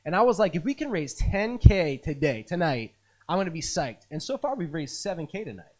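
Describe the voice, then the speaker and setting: Male pastor, higher voice, earnest and a little rambly, gives an emotional appeal. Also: very animated, a little fast. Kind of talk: heartfelt fundraising appeal. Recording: live virtual gala stream.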